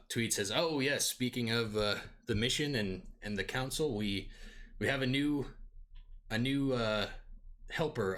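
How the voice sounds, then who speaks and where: A male game master narrating a tabletop adventure in a low but bright, forward voice. He describes scenes loosely, with plenty of "like" and "uh" along the way. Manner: loose, descriptive, many fillers like "like" and "uh".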